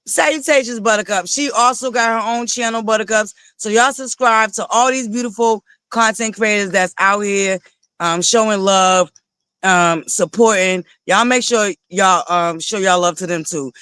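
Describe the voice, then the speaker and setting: Livestream host, male, very high and bright, sassy and profane, animated casual commentary. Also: normal speed, smooth, dry recording. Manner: animated, sassy, swearing often, given to laughing and digressing. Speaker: livestream host reviewing reality TV.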